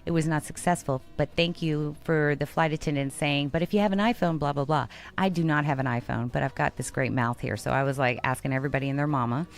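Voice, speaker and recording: Woman co-host, casual storytelling, animated, acts out dialogue, slightly low voice. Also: fast, gravelly, hardly any pauses, faint music behind. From Texas. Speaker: radio show co-host.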